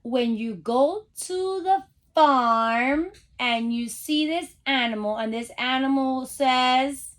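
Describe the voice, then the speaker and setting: A woman teacher giving a phonics lesson to young children over a video call, sounding out letters slowly and cheering them on. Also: sits high, fairly bright tone. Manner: upbeat, encouraging, speaks straight to the kids.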